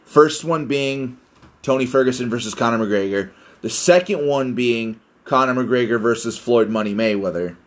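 A man's voice: mid-range voice, moderate pace. A young man hosting a casual solo podcast, rambling and self-deprecating, swearing often. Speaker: podcast host.

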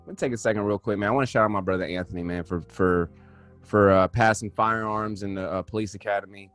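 A man's voice: lowish voice, steady tone, fast, fairly bright tone, faint music behind. A man co-hosting a casual podcast, loose and chatty, often tagging his sentences with "man". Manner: laid-back, drops "man" and "you know what I'm saying" often. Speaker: podcast co-host. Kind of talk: casual chat.

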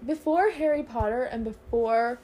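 A chatty teenage girl with a slightly high voice, talking casually with a friend. Her talk is upbeat and full of fillers. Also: moderate pace, mellow. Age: teens. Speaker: co-host. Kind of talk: casual chat.

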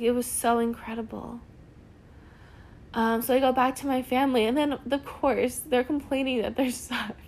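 Young woman, podcast host, personal storytelling; fairly high voice, chatty and earnest, peppers every sentence with "like". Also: a little mellow. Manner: chatty, heavy use of "like" fillers; earnest and emotional.

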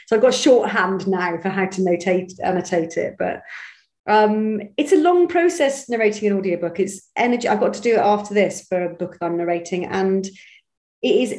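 A woman from Britain who works as an actor and audiobook narrator, answering interview questions in a chatty, animated way with quick restarts. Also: mid-range voice, echoey room, low-quality recording. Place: home studio.

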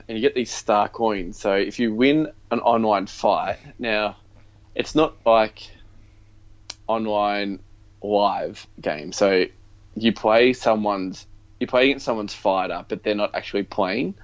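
A man's voice: on the low side, slow pace. A man co-hosting a podcast, chatting casually about games in a rambling way with lots of ums and likes. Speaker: podcast co-host. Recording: dull lo-fi sound.

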